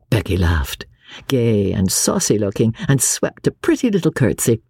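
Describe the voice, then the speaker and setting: A woman reads a classic novel aloud in a close, dry studio sound. Her pitch swoops widely as she lifts her voice for quoted characters. Her tone has a soft husk to it. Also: sing-song, moderate pace, husky, dry recording. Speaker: audiobook narrator. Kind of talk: classic novel audiobook reading.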